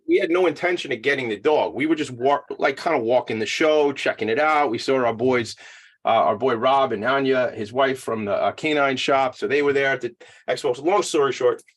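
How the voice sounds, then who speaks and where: Rambling excitable New man. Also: medium pitch, a little fast, husky. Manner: rambling, excitable, stumbles over words. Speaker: podcast co-host. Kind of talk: casual chat.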